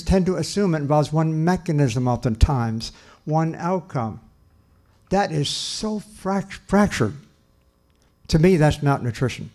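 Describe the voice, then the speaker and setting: A man's voice: on the high side, dark tone. An older man giving a lecture on nutrition in an earnest, emphatic way, often restarting his sentences. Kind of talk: lecture talk.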